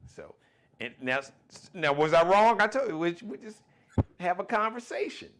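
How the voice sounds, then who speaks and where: A man hosting his own live-streamed talk show, speaking in in a folksy, animated way, full of shout-outs and plugs. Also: high-pitched, normal speed.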